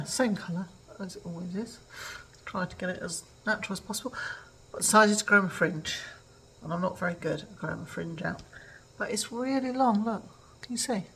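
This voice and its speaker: A woman's voice: medium pitch, a bit bright, slight background noise, poor audio. An older woman from England chatting casually in a home vlog, rambling with lots of ums. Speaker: vlogger. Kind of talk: casual chat.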